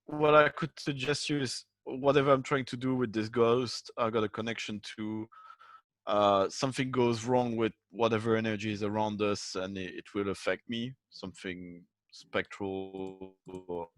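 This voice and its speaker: A man taking part in a tabletop game who explains things hesitantly, full of fillers and restarts. His voice is low and the recording is dry and close. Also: fairly even intonation, normal speed, no room sound. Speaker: player.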